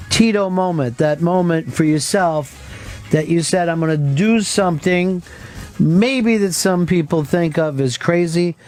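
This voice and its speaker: A man's voice: on the high side, darkish tone. A man hosting a call-in radio talk show, chatting with callers and reading out the call-in number. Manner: conversational, reads phone number and introduces callers.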